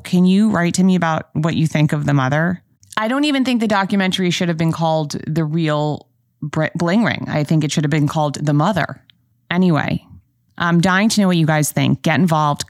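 A woman's voice: low voice, no room sound, studio quality. A woman hosting a podcast, telling stories in a candid, chatty way with playful asides. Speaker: podcast host. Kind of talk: casual solo podcast chat.

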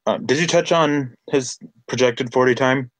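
Excited man hosting a sports podcast. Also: mid-range voice, moderate pace, no room sound. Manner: enthusiastic, builds up with repeated phrases. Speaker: podcast host. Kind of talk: casual sports podcast chat.

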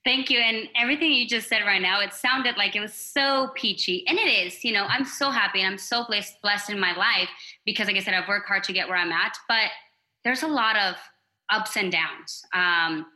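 A woman's voice: medium pitch, moderate pace, sharp tone, low-quality recording. A young woman as a podcast guest, speaking candidly and from the heart, with many fillers. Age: young adult. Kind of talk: casual podcast chat.

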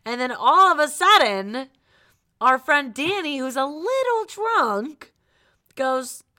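A young woman co-hosting a podcast, telling a story in casual chat, animated and laughing often. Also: high-pitched, slow pace. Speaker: podcast co-host.

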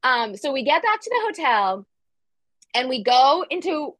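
A woman tells a story in a casual chat, lively and animated, slipping in "like" again and again and acting out what people said. Her voice sits a little high. The sound is dry and close, with no room around it. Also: measured pace, no room sound. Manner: animated, acts out quotes, frequent "like" fillers. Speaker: guest storyteller.

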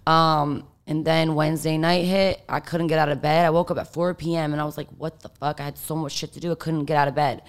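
A woman's voice: sits low, level tone, quick pace, few pauses, clear, resonant tone. A young adult woman, an interview guest, telling a story in a candid, profane way that is packed with "like". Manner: candid, profane, heavy use of filler "like". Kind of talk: casual storytelling.

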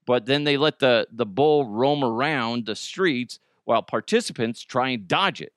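A man hosting a podcast, talking loosely and jokily with lots of lift and drop in his pitch. He drifts in and out of goofy put-on voices. The sound is dry and close. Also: normal speed, dry recording. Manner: joking, animated, puts on silly voices. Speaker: podcast host. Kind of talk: casual comedic chat.

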